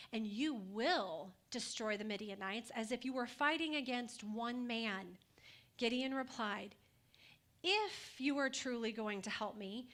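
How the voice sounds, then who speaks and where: A woman's voice: fairly high pitch, a bit bright. A woman pastor preaching a sermon in a conversational way, asking the congregation questions and adding light humor.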